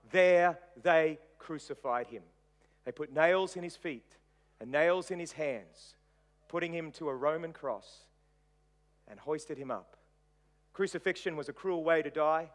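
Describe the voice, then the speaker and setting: A pastor delivers a sermon, retelling events dramatically as he swings between loud emphasis and hushed softness. His voice is fairly high in pitch.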